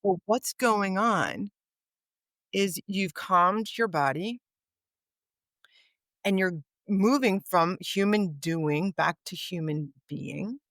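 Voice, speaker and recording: A woman of middle pitch tells a story in a podcast conversation and brings the people in it to life as she goes. She acts out their lines with vivid changes in her voice. The recording is dry and close, with no room sound. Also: slow, pauses often, a bit bright, no room sound. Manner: vivid anecdote teller, acts out quoted dialogue. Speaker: podcast guest, author.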